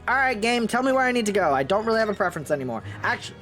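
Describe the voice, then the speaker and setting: An excitable young man streaming a game, talking loudly and swearing freely. His pitch jumps around constantly, often rising high when he reacts. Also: very fast, soft background music. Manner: loud, profane, excitable. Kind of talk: casual game commentary.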